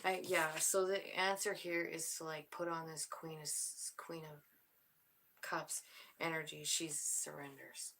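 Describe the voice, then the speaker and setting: A woman giving a spiritual tarot reading, soft-spoken and emotional, often dropping to a whisper. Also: deep voice, flat delivery, unhurried, gravelly, low-quality recording. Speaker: tarot reader.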